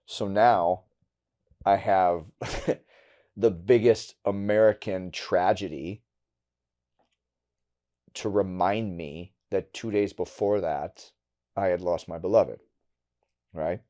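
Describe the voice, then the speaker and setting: A middle-aged man from Wisconsin, a podcast guest telling a personal story candidly and bluntly, going quiet and halting on hard memories. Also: deep voice. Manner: candid and blunt, with casual swearing.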